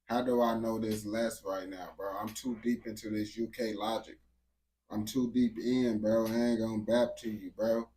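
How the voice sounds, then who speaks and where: A man's voice: on the low side, fairly even intonation, normal speed, warm tone, a little hiss or hum. A man giving casual, slangy reaction commentary, dropping "bro" and "gang" constantly and restarting his sentences. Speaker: reaction video host.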